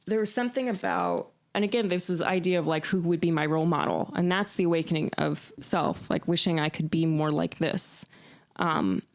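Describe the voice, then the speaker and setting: A woman musician being interviewed, telling stories in an animated way, often laughing and restarting her sentences. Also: on the low side, a little fast, gravelly. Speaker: musician guest. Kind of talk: casual interview chat.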